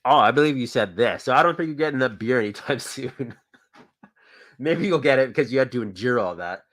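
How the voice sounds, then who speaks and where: A man's voice: medium pitch, expressive, brisk, fairly bright tone. A man hosting a casual show, chatting about toys and films in an easygoing, rambling way. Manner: easygoing, rambling, thinks aloud. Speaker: podcast host.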